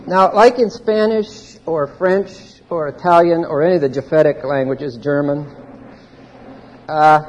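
A man's voice: fairly high pitch, darkish tone, lo-fi sound. A man giving an expository Bible teaching to a live audience in a large hall, explaining grammar point by point and quizzing his listeners. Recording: reverberant hall, faint background noise.

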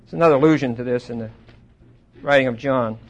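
A man teaching a Bible study in a conversational way, asking his listeners questions and getting louder when he quotes scripture. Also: medium pitch, fast talker, lo-fi sound. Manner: asks the audience questions.

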